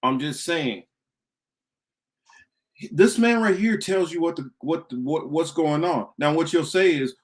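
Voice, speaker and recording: A man's voice: a little high, a little slow, long pauses. A man hosting a political talk show, ranting emphatically with heavy profanity and repetition. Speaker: podcast host.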